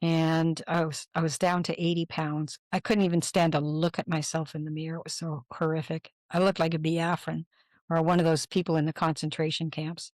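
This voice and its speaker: A woman's voice: sits low, brisk, dry recording. Older woman telling her story, dry sound. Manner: animated storyteller, acts out quoted dialogue. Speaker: guest. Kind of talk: personal storytelling in a podcast interview.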